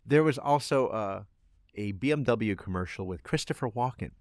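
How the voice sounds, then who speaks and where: A man's voice: lowish voice, moderate pace, dry recording, clean studio sound. A man co-hosting a podcast in casual chat, animatedly retelling commercials with little acted asides. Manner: animated storyteller, recounting ads with acted asides. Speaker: podcast co-host.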